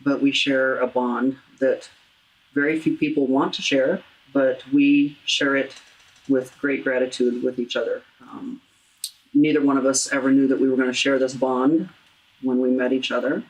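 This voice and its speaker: Brief: low-voiced female host, earnest and halting, interview on grief. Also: fairly even intonation, rough recording. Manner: earnest, halting, with many restarts. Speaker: talk show host. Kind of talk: heartfelt interview about grief.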